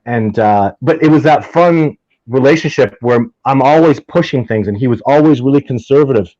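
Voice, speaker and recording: Excitable man telling rambling stories. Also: medium pitch, normal speed, no echo, muffled recording. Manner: enthusiastic, rambling, often restarts, gets heated. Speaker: guest, Sasquatch researcher. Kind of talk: casual interview storytelling.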